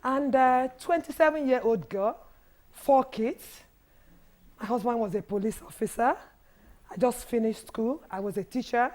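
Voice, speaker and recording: A woman in her fifties with a Nigerian English accent and a hoarse voice, telling her personal story haltingly as a guest on a TV panel. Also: on the high side, darkish tone. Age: 50s. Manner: halting, restarts and repeats as she recalls. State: hoarse, has lost her voice. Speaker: guest, widows' foundation founder.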